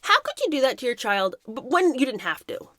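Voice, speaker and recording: Emphatic woman with a lively voice. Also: sits high, brisk, no echo, clean studio sound. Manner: emphatic, indignant, mocking impressions. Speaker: commentary host. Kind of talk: impassioned commentary.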